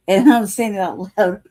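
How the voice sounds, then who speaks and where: A woman hosting a casual livestream, telling a long rambling story with laughs breaking through and plenty of swearing. Her voice is mellow and dark-toned, at an ordinary middle pitch. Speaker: livestream host.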